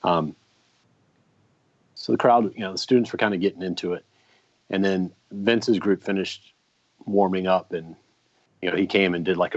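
A man's voice: deep voice, dry recording. A man in his forties, a podcast co-host, telling a casual story with lots of ums and restarts. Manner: rambling anecdotes with many ums and restarts. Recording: dry, slightly muffled podcast mic.

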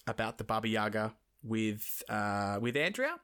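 A man's voice: on the low side, very animated, a little slow, a bit bright, clear, resonant tone. Rambling jokey male podcast host. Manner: rambling, laughing, jokey asides. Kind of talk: casual storytelling chat.

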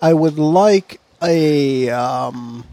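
A man's voice: fairly high pitch, drawn-out words, dark tone. Playful man running a tabletop game. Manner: playful, narrates with fillers and restarts. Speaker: game master.

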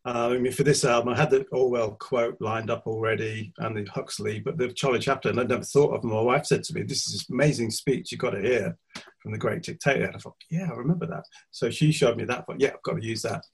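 Husky-voiced musician man on a video call. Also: medium pitch, fairly even intonation, fast talker. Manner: easygoing, laughs often. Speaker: musician guest. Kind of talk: casual interview chat.

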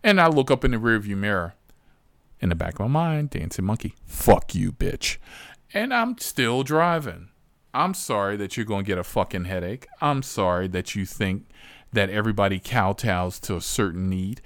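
A man, a rideshare driver, telling stories in a profane, animated, exasperated way. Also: lowish voice, moderate pace, dry recording. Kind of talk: casual storytelling.

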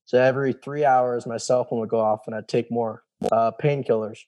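A man in his thirties tells his story in a casual interview. His voice is mellow and warm, and he acts out the people he quotes. He swears casually as he talks. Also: medium pitch, steady tone, brisk. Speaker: guest, former special operations soldier.

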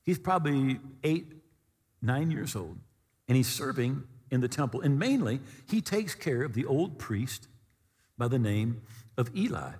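A husky-voiced male pastor delivers a lively, swooping sermon. He tells the story with animation and briefly acts out the voices he quotes. His words ring with the long reverb of a large hall. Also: mid-range voice, measured pace.

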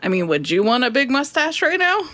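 A woman's voice: sits high, very animated, brisk, sharp tone. A young woman playing a tabletop role-playing game, improvising her character playfully. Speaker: player.

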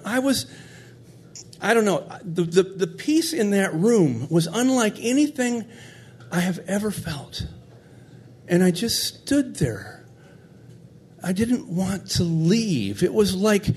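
A man's voice: a little high, darkish tone. A middle-aged man telling a heartfelt personal story in a conversational, tender way.

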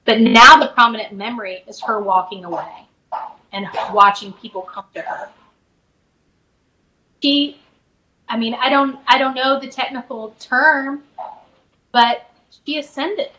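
A middle-aged woman, a spiritual advisor guest, softly and reflectively telling a personal story in a podcast interview, with many fillers and restarts. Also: fairly high pitch, fairly even intonation, unhurried, pauses often, rough recording.

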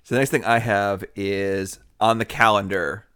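A podcast co-host with a lowish, clear, resonant voice and a fairly bright tone speaks at a moderate pace with fairly even intonation. He jokes and laughs often while recapping a TV show in a casual chat, recorded at studio quality with no echo.

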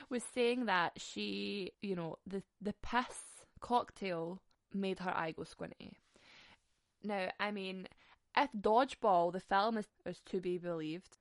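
A woman's voice: medium pitch, fairly bright tone, no echo, clean studio sound. A young Scottish woman telling stories in a casual, sweary way, laughing often. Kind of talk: casual storytelling.

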